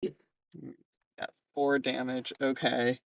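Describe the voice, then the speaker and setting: A woman narrating a tabletop game as game master, relaxed and loose. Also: a bass voice, very slow, creaky, dry recording.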